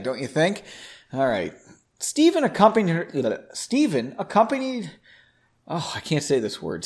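A man reading a fantasy story aloud, breaking in with sarcastic, amused asides. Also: a little high. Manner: sarcastic, amused, self-mocking. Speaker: reader of a story.

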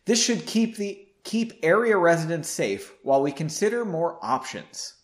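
A man voicing a stern male mage leader who speaks formally and booms orders. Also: lively intonation, moderate pace, natural voice. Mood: commanding. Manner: booming, formal.

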